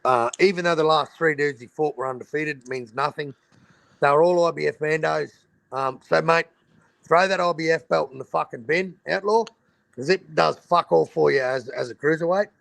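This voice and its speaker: A man's voice: on the high side, normal speed, creaky, fairly bright tone, no room sound. An Australian man hosting a casual boxing livestream over a video call, blunt and swearing freely in Aussie slang. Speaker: boxing talk show host.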